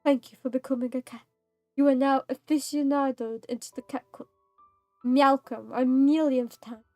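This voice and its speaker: A woman's voice: sits high, steady tone, moderate pace, darkish tone, no room sound, faint music behind. A woman streaming a story game, reacting in a playful, dramatic, jokey way. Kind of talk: casual gaming stream commentary.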